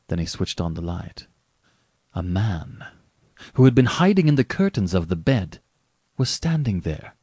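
A man narrating a story aloud in a measured, dramatic reading with varied delivery. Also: sits low, expressive, mellow, breathy edge, no echo.

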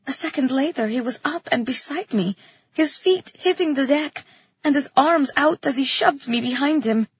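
A woman's voice: high-pitched, normal speed, no echo, muffled recording. A woman narrating a first-person fantasy story expressively, as in an audiobook.

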